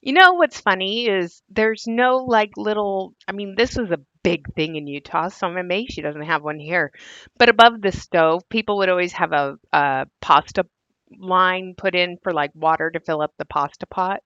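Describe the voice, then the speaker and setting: A woman's voice: fairly low pitch, normal speed, fairly bright tone, dry recording, lo-fi sound. A woman hosting a casual commentary video, sarcastic and given to laughing at what she shows. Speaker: commentary host.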